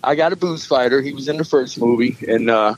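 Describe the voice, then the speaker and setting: A man's voice: medium pitch, brisk, lo-fi sound, a little hiss or hum. A man, a musician and filmmaker, telling rambling stories in casual chat and acting out what people said. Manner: rambling storyteller, acts out quotes.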